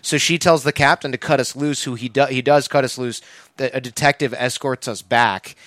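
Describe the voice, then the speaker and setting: A man's voice: medium pitch, steady tone, normal speed, a bit bright, no echo. A man from Michigan telling a story in a casual podcast chat, acting out the voices of the people he quotes.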